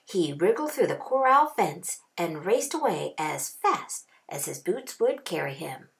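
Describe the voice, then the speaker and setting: A woman kindergarten teacher reading a picture book aloud, expressive with drawn-out phrases. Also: on the low side, vocal fry.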